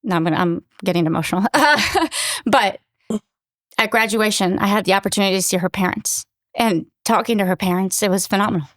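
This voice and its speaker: A woman's voice: mid-range voice, a little fast, a bit bright, no echo. A middle-aged woman, a military commanding officer, telling stories earnestly in an interview with many fillers. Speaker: battalion commanding officer, guest. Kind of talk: conversational interview storytelling.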